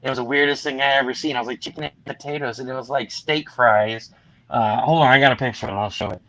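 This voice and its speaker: A man's voice: medium pitch, steady tone, fast, a bit bright, no room sound, poor audio. A man hosting a casual live stream, rambling through a story and acting out what his friends said. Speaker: host.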